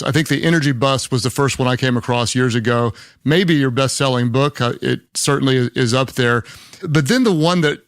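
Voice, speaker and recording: Man, Oklahoma Southern accent, interview host, encouraging, smooth resonant voice, dry close sound. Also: medium pitch, no room sound. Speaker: podcast host. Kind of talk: conversational interview.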